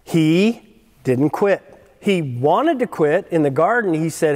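A man delivers a sermon at an unhurried, measured pace, leaning hard on repeated phrases to drive his point home. His voice sits a little high for a man. The sound carries a long reverb, as in a large church hall. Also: expressive, darkish tone. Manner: earnest, emphatic preaching with repeated phrases. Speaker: pastor.

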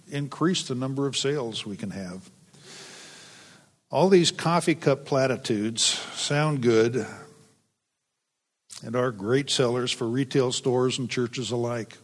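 A man's voice: medium pitch, unhurried. A man reading scripture and preaching a sermon in a church, earnest and dryly humorous. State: a bit weepy. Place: church sanctuary. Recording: long hall reverb.

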